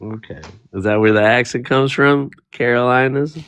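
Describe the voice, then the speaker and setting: A man's voice: mid-range voice, normal speed, a bit bright, smooth, no echo. A man whose first language is Spanish, talking in a rambling, casual way on an online panel discussion and often restarting his sentences. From United States, near the Bay Area. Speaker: panel participant.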